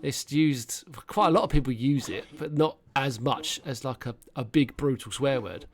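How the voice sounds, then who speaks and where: A British man in his thirties co-hosts a loose, casual podcast chat. He tells rambling anecdotes and swears freely, at an ordinary middle pitch. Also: moderate pace, slight background noise. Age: 30s. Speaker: podcast co-host.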